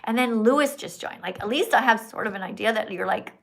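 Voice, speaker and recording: A woman hosting a live stream, reading donations and coaxing her viewers in an animated way. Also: medium pitch, fairly quick, creaky. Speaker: livestream host.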